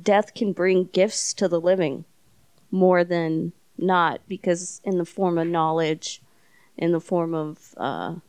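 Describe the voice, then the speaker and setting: A woman's voice: on the low side, slow pace, darkish tone, clean tone, dry recording. Woman host telling a rambling story. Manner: rambling storyteller with many fillers. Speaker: podcast host. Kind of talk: casual chat.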